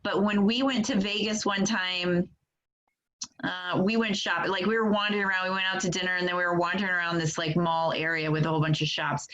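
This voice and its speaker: A woman's voice: fairly low pitch, fairly even intonation, fairly quick, dull audio, a crowd in the background. A woman chatting casually in a book club, telling a personal story in a rambling way and laughing often. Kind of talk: casual chat.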